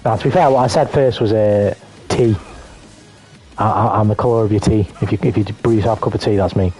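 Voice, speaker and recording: A man's voice: lowish voice, brisk, dark tone, soft background music. Sweary British man on a game stream. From Britain. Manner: rambling, sweary, joking to chat. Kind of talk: casual gaming stream commentary.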